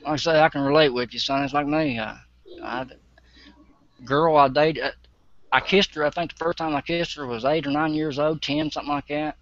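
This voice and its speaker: A man telling a story casually, profane and animated, often acting out both sides of an argument. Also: a little high, brisk. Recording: dull lo-fi recording.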